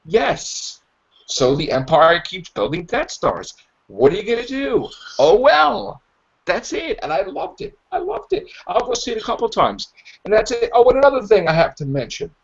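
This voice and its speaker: A man hosting a podcast in casual chat, rambling and acting out characters' lines in animated voices. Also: sits high, moderate pace, vocal fry, breathy edge. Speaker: podcast host. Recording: dull lo-fi podcast audio.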